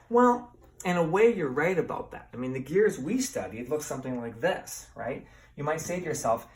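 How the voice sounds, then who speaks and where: A man's voice: fairly high pitch, lively intonation, moderate pace, distant mic. A middle-aged man teaching a lesson with a bike demonstration, chatty and playful, asking his class questions. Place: indoor room with bikes. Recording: echoey room, voice from afar.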